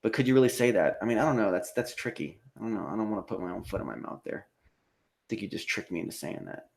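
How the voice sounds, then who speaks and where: A man's voice: on the low side, quick pace, gravelly, a little mellow. An American man hosting a live stream, reading out viewer comments and reacting in profane, rambling casual talk, with frequent laughter. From United States.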